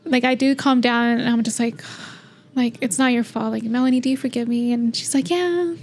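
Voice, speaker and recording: A woman's voice: fairly high pitch, flat delivery, a little fast, a little mellow. A woman in a casual podcast conversation, speaking candidly with a light laugh in her talk.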